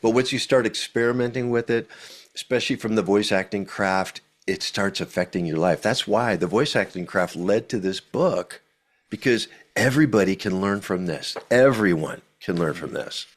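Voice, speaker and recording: An older man, an author and voice actor, teaching with emphatic energy, swinging between booming and hushed delivery and using deliberate pauses. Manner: uses deliberate pauses for effect.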